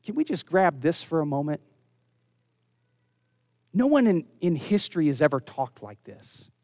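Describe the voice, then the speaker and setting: A man preaching a sermon, earnest, dropping low and soft when he quotes scripture. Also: very animated, unhurried, no echo, studio quality. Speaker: pastor.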